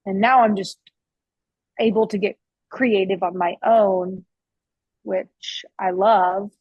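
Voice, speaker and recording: A woman chef and barbecue restaurant owner talks through her stories in a relaxed interview. She rambles with lots of fillers and restarts and drops a casual swear now and then. Her voice sits at a middle pitch and sounds close and dry, with no room around it. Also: takes it slowly, slightly rough, dry recording, muffled recording. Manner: chatty, with frequent restarts and fillers.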